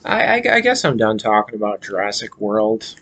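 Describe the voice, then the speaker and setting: A man's voice: on the low side, big pitch swings, moderate pace, a bit bright. An American man vlogging in a casual, hesitant way, with many fillers and restarts as he chats about a movie. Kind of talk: casual rambling movie chat.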